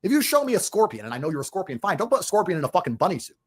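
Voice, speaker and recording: A man's voice: high voice, big pitch swings, very fast, husky. A man ranting in a heated interview, profane and repetitive, hammering his points with declarations. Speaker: interview guest.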